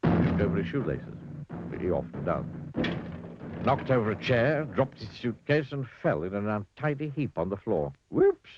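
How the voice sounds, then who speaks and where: A man's voice: on the low side, big pitch swings, normal speed, a little hiss or hum. A man reading a children's story in a dry, wry storybook manner. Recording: dull lo-fi dry recording.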